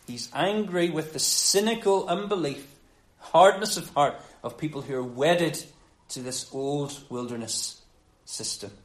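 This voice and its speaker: A man preaches in a relaxed, conversational way, slightly higher in pitch than most men. He animates his points and then sinks low and hushed for emphasis. The room around him rings with echo. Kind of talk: sermon on a gospel passage.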